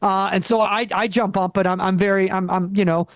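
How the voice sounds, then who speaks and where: Young male stand-up comic, high voice, dry close sound, rambling, restarts a lot. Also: steady tone, a little fast, no room sound. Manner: rambling, many restarts and acted-out quotes. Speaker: stand-up comedian. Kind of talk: stand-up set. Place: comedy club stage.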